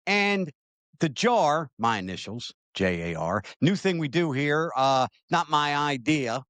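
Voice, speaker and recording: A man's voice: fairly high pitch, lively intonation, takes it slowly, a bit bright, no echo. A man from Maryland hosting his own show, talking casually to camera in a chatty, self-deprecating way and reading viewer comments aloud. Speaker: show host.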